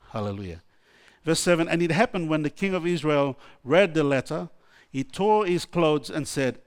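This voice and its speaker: A man preaching a sermon, reading scripture aloud with frequent restarts and stumbles. His voice sits a little high for a man, and he breaks into exclamations between verses.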